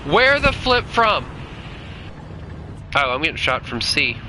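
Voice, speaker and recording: Southern man, a touch high-voiced, rambling and self-mocking gameplay streamer, with game sounds clear behind. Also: very animated, slow pace, noisy background. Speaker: gaming streamer. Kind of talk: casual gameplay commentary.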